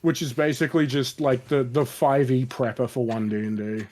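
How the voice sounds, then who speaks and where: A man's voice: medium pitch, a little fast, a little mellow. A man chatting casually about a tabletop game. He swears a lot and rambles through his points. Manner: rambling, frequent swearing, restarts. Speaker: podcast regular. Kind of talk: casual gaming chat.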